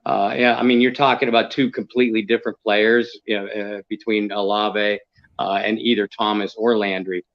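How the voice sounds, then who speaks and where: A man co-hosting a casual sports talk show, speaking in a measured, analytical way with many fillers. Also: lowish voice, flat delivery, muffled recording. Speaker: co-host.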